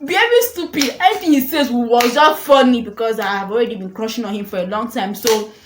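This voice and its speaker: A young woman telling a storytime vlog, animated and dramatic, laughing often. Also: on the high side, brisk. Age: young adult. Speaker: vlogger. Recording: echoey room with faint noise.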